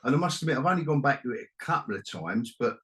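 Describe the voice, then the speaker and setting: A man's voice: medium pitch, animated, fast, a bit bright. A man co-hosting a casual podcast chat, sweary and mocking. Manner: sweary, mocking, puts on silly voices. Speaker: podcast co-host.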